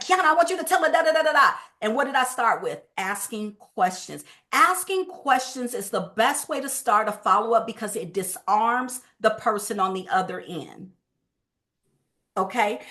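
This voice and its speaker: A woman giving a lively, emphatic sales training talk, with speech and a quick habitual pace. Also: sits high.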